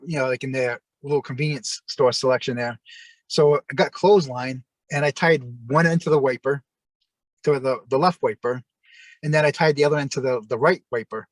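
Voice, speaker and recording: A man's voice: mid-range voice, no echo. A man, a former wrestler telling long anecdotes in a casual interview, full of fillers and quoted dialogue.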